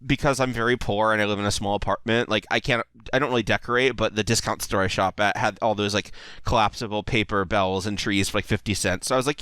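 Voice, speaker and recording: A man's voice: on the low side, fairly even intonation, fast, hardly any pauses, a bit bright, clean tone, no echo. A man in his thirties giving casual, rambling video commentary, enthusiastic and full of "like" and little chuckles. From United States. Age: 30s.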